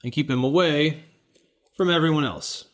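A man's voice: fairly high pitch, normal speed. A man taking part as a player in a tabletop game, talking casually and hesitantly with many fillers.

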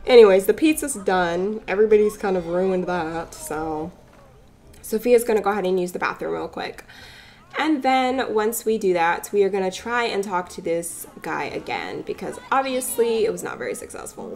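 Lively chatty woman gamer. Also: medium pitch, moderate pace. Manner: chatty, playful, voices the characters' chatter. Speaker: let's play gamer. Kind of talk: casual gameplay commentary.

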